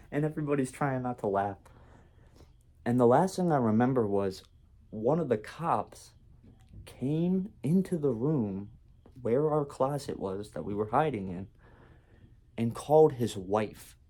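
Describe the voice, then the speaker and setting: A man's voice: mid-range voice, expressive, a little slow, long pauses, mellow. Man rambling through a storytime vlog. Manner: casual, rambling storytelling with many "like" fillers. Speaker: vlogger.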